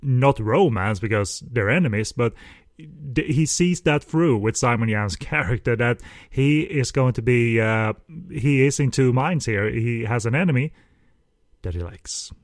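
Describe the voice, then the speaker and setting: A man co-hosting a casual film discussion, speaking haltingly with many "uh" fillers and dry, understated humor. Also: medium pitch, animated, no echo. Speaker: podcast co-host, film reviewer.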